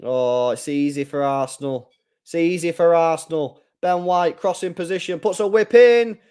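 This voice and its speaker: A man hosting a live football watchalong, chatting casually, reading viewer comments and getting loud when play heats up. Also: a little high, moderate pace, smooth. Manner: chatty, swings from mumbling to excited shouting. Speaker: live stream host.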